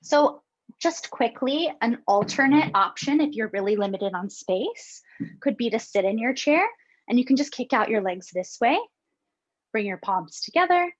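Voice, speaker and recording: A woman on a video call, gently guiding a breathing and mindfulness exercise. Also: a little high, dry recording. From Hawaii. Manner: calm, gentle instructing. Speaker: yoga and mindfulness presenter. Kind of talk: guided mindfulness workshop. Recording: dull, dry video call audio.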